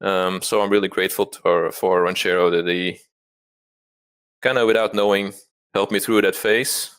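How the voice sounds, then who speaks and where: A deep-voiced man tells his trading story in a candid interview. He is self-deprecating and rambles, often restarting his sentences. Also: fairly even intonation, normal speed, fairly bright tone, clean tone. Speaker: interview guest, trader.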